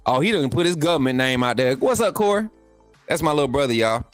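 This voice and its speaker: Hosting a live sports stream, a middle-aged man chats loosely and quickly, repeating himself and hyping his viewers with animated energy. His ordinary mid-range voice is recorded dry on a close desk mic with no echo and faint music underneath.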